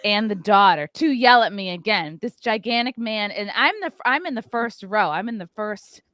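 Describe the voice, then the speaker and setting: Animated storytelling woman with a dry sound. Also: mid-range voice, normal speed, no echo. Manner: animated, acts out voices of people in the story. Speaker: podcast host.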